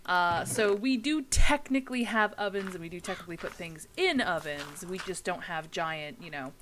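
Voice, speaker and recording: A woman's voice: lowish voice, animated, moderate pace, few pauses, a bit bright, a little hiss or hum, rough recording. A tired young woman chatting casually with her chat during a gaming livestream, swearing freely as she plays. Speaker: streamer.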